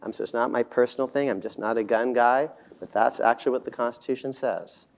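A man giving a debate speech, halting with many fillers, confident and dismissive at points, with self-deprecating humor. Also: medium pitch, steady tone, background noise. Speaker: debate speaker.

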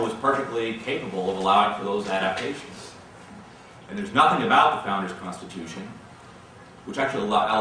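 A man lecturing and answering audience questions in a measured way, often repeating words as he starts a sentence. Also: on the low side, sharp tone. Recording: echoey hall from far off, faint noise.

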